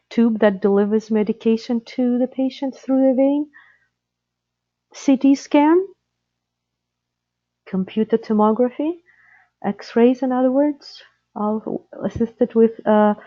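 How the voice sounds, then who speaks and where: A woman's voice: medium pitch, dry recording, muffled recording. A woman whose first language is Russian, presenting a live training webinar for interpreters, explaining skills practically with frequent fillers and restarts.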